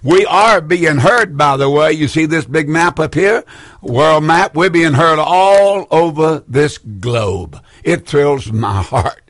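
A man's voice: on the high side, animated, takes it slowly, fairly bright tone, no echo. Fervent older man preaching a broadcast sermon. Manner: fervent, rambling, emphatic repetition. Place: indoor studio room.

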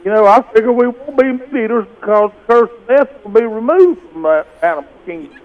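A man's voice: extremely high pitch, expressive, brisk. A man calling in to a radio show, plain-spoken and a little hesitant as he asks his question. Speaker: caller. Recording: muffled phone line.

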